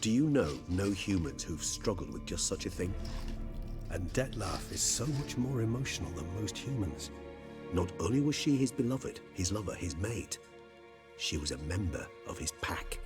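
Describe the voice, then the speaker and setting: A wise, courtly male vampire from a video game, choosing every word with formal care. His voice is very deep. Loud game music plays under his lines. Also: expressive. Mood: reflective. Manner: formal, articulate and measured.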